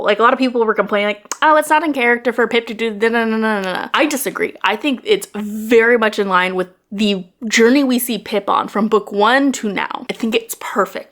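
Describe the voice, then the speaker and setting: A young adult woman chatting casually in a book vlog, talkative and quick to rant and swear when worked up. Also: a little high, a bit bright. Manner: chatty, swears freely, gets worked up and ranting. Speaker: book vlogger.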